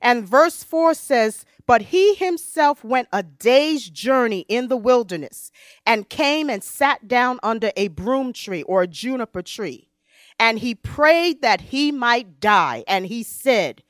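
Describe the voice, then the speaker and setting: A woman preaching a sermon, reading scripture slowly and swinging between loud emphasis and hushed tones. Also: fairly high pitch, expressive, no room sound, clean studio sound. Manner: reads scripture slowly and deliberately.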